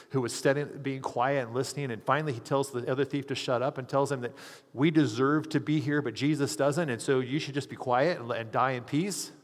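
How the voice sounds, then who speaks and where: A hospital chaplain telling a story in a sermon, earnestly acting out the people he quotes. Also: medium pitch. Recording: long hall reverb.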